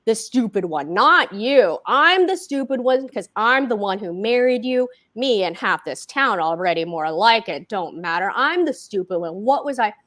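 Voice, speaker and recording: A man's voice: high voice, expressive, moderate pace. A woman reading aloud, voicing a crude, abusive man who curses his wife with contempt. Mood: contemptuous. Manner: cursing, contemptuous. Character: crude, abusive, beer-drinking husband, man.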